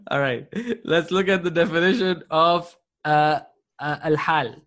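A man's voice: on the high side, takes it slowly, a bit bright. A man teaching an Arabic grammar class live online, patient and encouraging, often chuckling.

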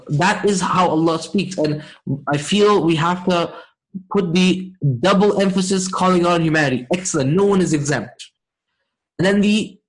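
Man, high voice, classroom grammar lesson, patient step-by-step explanations, quick recitation, frequent check-ins. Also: low-quality recording. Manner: recites Arabic verses quickly. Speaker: Arabic grammar teacher.

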